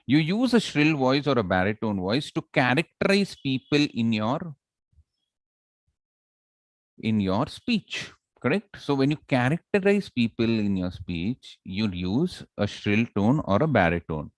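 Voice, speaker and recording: A man with an Indian English accent lectures on public speaking to an online class, his pitch swinging widely as he demonstrates. The sound is dry and close, with little room echo. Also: unhurried. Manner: animated, audience check-ins.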